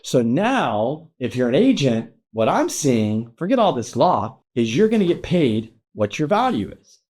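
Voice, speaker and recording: A man's voice: medium pitch, sing-song, measured pace, darkish tone. Ranting, emphatic middle-aged man. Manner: ranting, emphatic, casual swearing. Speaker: real estate loan officer and show host. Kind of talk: energetic market commentary to camera.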